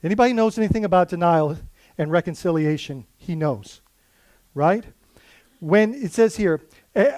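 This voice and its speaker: A man preaches in a fairly high voice, earnest and chatty, often restarting his sentences. The sound is dry and close, with no room echo. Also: animated, a little slow, pauses often, a little mellow. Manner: earnest, conversational preaching with many fillers and restarts. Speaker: pastor. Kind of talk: sermon.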